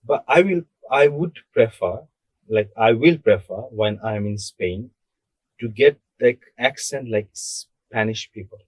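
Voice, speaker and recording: On a dry recording, this young Bangladeshi man speaks low, slow, and slightly rough as a podcast co-host. In the casual discussion he stresses his points, posing questions rhetorically and then answering them.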